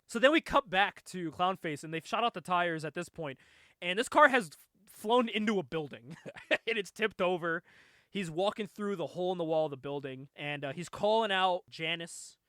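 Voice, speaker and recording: A man's voice: high voice, animated, moderate pace, sharp tone, dry recording, clean studio sound. A man hosting a casual comic review podcast, recapping animatedly, laughing often and acting out quotes.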